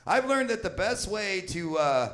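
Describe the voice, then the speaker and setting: A man's voice: high-pitched, big pitch swings, a little slow, a bit bright. A man in his fifties doing a stand-up comedy set, crude and rambling, swearing constantly and laughing at his own jokes. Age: 50s. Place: small comedy venue with live audience.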